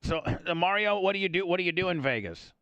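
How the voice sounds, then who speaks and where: Male radio host, lively pitch, dry studio sound, crude and quick to interrupt. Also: creaky, no room sound, dull audio. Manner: profane, interrupts often with "hold on". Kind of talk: casual uncensored after-show chat.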